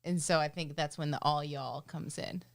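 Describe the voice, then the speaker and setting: A woman's voice: sits low, fairly even intonation, moderate pace, creaky. A woman from Maine co-hosting a casual live-stream chat, chatty and giggly. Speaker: co-host.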